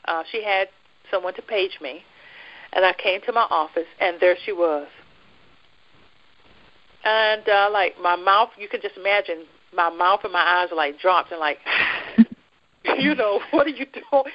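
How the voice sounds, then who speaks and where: She is an American guest giving a lively personal faith testimony, often laughing and acting out what others said. Her pitch is medium, and the recording is muffled.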